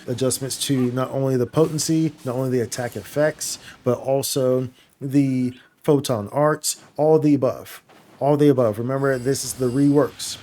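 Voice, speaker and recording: A man's voice: medium pitch, mellow. A man giving an enthusiastic, casual rundown of game updates, tossing in slang like "y'all" and "bro" as he talks to his viewers. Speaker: gaming YouTuber. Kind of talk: excited gameplay update commentary.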